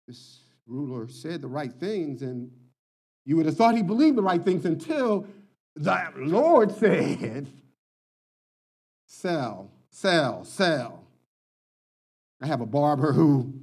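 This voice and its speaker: A man's voice: a little high, slightly rough. A man preaching a sermon, telling stories and stressing his points by repeating words, and chuckling as he tells them. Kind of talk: sermon with storytelling.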